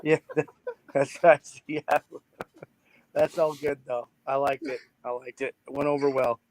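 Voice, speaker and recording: A man from Canada chats as a podcast guest, mid-pitched and recorded dry and close. He rambles, restarts his sentences and laughs often. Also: little pitch movement, a little slow, darkish tone, no room sound, low-quality recording. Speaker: podcast guest, band frontman. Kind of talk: casual chat.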